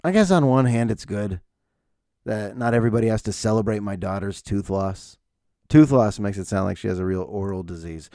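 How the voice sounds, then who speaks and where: A man's voice: on the low side, normal speed, mellow, dry recording, studio quality. A man in his forties hosting a podcast, telling stories casually and sarcastically and acting out the people in them. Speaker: podcast host. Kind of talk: casual solo storytelling.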